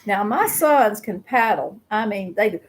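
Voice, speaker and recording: A middle-aged woman, hosting a casual live chat and telling a story with lively acted-out voices. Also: medium pitch, a little slow. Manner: animated storyteller who acts out voices. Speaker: host.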